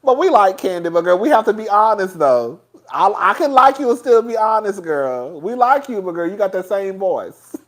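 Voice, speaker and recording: A man's voice: high-pitched, normal speed. Sassy, laughing male host. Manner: animated and sassy, laughs often, says "girl" a lot. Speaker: host of a talk stream. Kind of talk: casual commentary chat.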